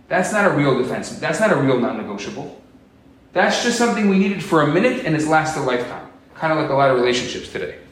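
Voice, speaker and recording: A man preaching a sermon as a rabbi, animated and acting out quotes in different voices. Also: a little high. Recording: echoey room, distant mic.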